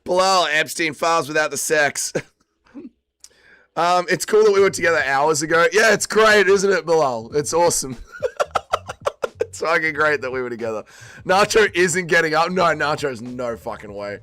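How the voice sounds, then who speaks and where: Australian man, smooth voice, still drunk. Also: fairly high pitch, lively intonation, moderate pace, pushed and bright, no room sound. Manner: swearing, laid-back banter with chat. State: still drunk and tired after a late night. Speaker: livestream host. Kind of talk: casual livestream chat.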